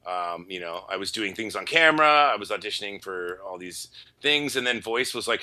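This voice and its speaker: A man from Canada, a voice actor guest, telling stories in a casual interview, playful and quick to slip into voices. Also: lowish voice. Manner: animated, playful, breaks into voices.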